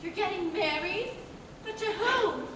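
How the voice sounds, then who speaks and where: A woman's voice: extremely high pitch, expressive, measured pace, background noise. A young woman playing a fluttery showgirl bride. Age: young adult. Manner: breathless, gushing and melodramatic. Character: dizzy young actress bride, theatrical and fluttery. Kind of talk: live stage musical acting. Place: school auditorium stage. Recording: echoey hall heard from far off.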